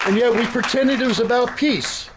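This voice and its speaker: A man giving an impassioned, blunt political speech at a convention, sometimes rising to a yell. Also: extremely high pitch, normal speed, over a noisy crowd, very noisy. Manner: blunt, combative, rising to yelling. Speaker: convention speaker. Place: convention hall.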